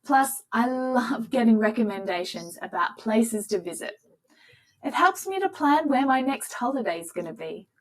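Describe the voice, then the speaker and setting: A woman reading a recorded English listening passage in an even, scripted way. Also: fairly high pitch, moderate pace, low-quality recording.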